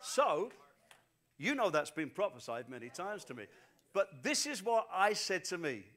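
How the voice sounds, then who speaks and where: High-voiced animated man preaching. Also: normal speed. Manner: animated storytelling preacher, repeats phrases for emphasis. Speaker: pastor. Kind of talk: sermon.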